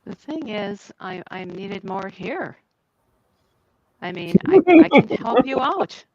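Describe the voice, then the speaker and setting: A woman's voice: medium pitch, big pitch swings, slow, darkish tone, no echo, highs cut off. A woman playing a tabletop game, pleading and stammering in character. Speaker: player.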